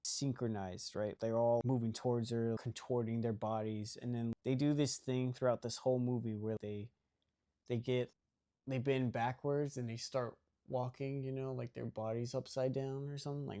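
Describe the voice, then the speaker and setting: A man's voice: medium pitch, flat delivery, moderate pace, dark tone. A young man casually recapping a movie plot, rambling and filling his talk with "like" and "right?". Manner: rambling, heavy use of "like" and "right?".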